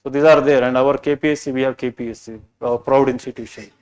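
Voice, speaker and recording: A male coaching teacher with an Indian English accent, speaking at a mid pitch in a chatty, rambling lecture style. He keeps checking in with the class with "right?" and "you know". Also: fairly even intonation, fast, darkish tone, clear, resonant tone, poor audio. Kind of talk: orientation lecture.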